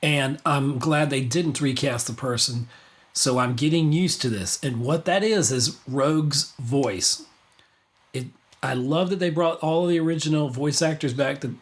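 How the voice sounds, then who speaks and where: A man's voice: mid-range voice, normal speed. A man hosting a casual livestream podcast, rambling with many restarts and fillers. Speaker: podcast host.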